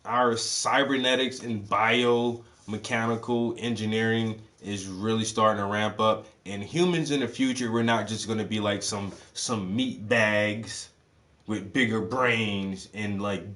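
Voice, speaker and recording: Laid-back swearing man, low voice. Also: fairly even intonation, unhurried. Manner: loose, profane, thinking out loud with fillers. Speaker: art stream host. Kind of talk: casual rambling chat.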